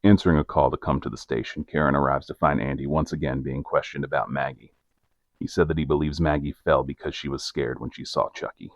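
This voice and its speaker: A man with a very low, gravelly voice reads a mock true-crime case in a measured, deadpan way. The recording is dry and close, with a slightly dull, lo-fi sound. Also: no room sound. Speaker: podcast co-host narrating the case.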